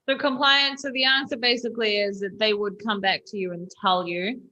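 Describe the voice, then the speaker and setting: A woman's voice: mid-range voice, steady tone, fairly quick, pushed and bright, lo-fi sound. A woman hosting an interview show, pressing her guest with follow-up questions. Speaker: host.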